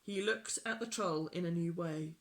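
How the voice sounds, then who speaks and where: A storytime reader narrating a children's picture book gently and unhurriedly for young listeners. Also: mid-range voice, moderate pace.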